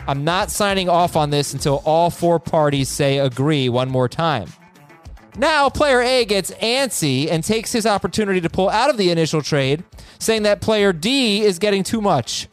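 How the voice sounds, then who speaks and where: Animated male podcast host reading emails. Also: fairly high pitch, moderate pace, clear, resonant tone, soft background music. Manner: animated, joking, laughs while reading. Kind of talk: casual chat, reading listener emails.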